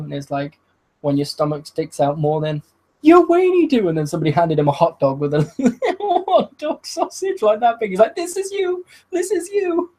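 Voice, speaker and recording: A man giving a solo review of a wrestling show, excitable and laughing, swearing often and acting out what the wrestlers said. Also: mid-range voice, rough recording. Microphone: video call.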